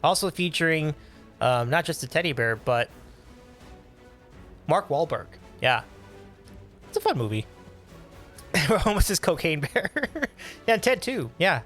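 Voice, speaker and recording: Man, livestream host, casual chat, lively pitch, faint background music. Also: a little slow, long pauses. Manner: upbeat, animated, laughs often. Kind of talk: casual chat reading live chat.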